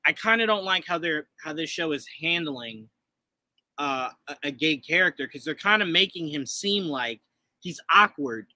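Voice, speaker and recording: A man in his thirties co-hosting a casual show review, talking in an animated way and acting out voices as he tells stories. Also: a little high, moderate pace, dry recording. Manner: animated, acts out quoted voices. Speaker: podcast co-host.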